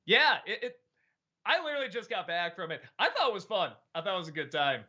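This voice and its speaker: A man's voice: high voice, very animated, bright, forceful tone, lo-fi sound. A man hosting a casual live-stream chat, stammering a little and laughing often. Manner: chatty, stammering, quick laughs. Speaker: host.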